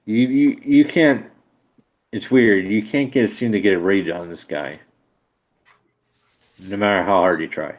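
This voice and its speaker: Deep-voiced game master, halting narration. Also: male voice, lo-fi sound. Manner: halting, many fillers.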